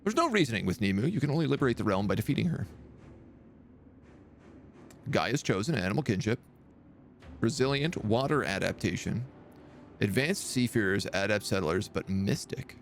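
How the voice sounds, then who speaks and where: A man's voice: lowish voice, animated, moderate pace, gravelly, pauses often, a little hiss or hum. A man streaming a strategy game, chatting casually and reading game text aloud. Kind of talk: live gameplay commentary.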